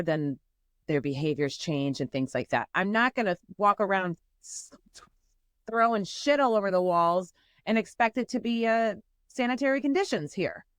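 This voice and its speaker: A woman's voice: low-pitched, no echo, studio quality. A woman hosting a podcast in casual chat, rambling and filler-heavy with lots of "like" and "you know". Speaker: podcast host.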